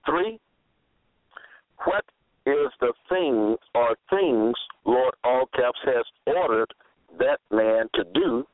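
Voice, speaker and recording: Male preacher, unhurried and emphatic, heard over a thin phone-like line. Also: medium pitch, no room sound. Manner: deliberate, spells words out, repeats phrases for emphasis. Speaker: religious preacher. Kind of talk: slow scripture-quoting sermon monologue. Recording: tinny phone-line audio, dry.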